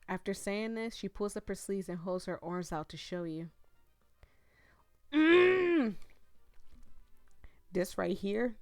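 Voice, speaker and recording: A woman hosting a gaming video who reads a story game aloud and reacts live, with an emphatic, slangy manner that gets loudly worked up. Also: medium pitch, dry recording.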